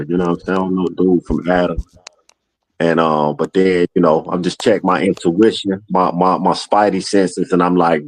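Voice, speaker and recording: A rapper guesting on a show, telling a story in a relaxed, slangy way full of fillers. His voice sits very low, and the sound is dry and close with no room. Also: normal speed, no echo, rough recording. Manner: laid-back, slangy, filler-heavy. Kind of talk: casual storytelling in a conversation.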